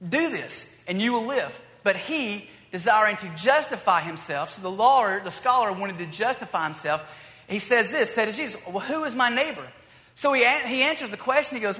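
Male preacher, high and bright, loose and chatty, acting out the scripture, echoing in a large hall. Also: brisk. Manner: conversational, acts out dialogue in scripture. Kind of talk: sermon. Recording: long hall reverb.

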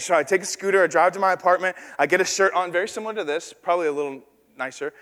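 A man's voice: high-pitched, very fast, fairly bright tone. A man in his thirties preaching a sermon, telling a self-deprecating personal story and acting out the voices in it. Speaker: pastor. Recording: long reverb of a large hall.

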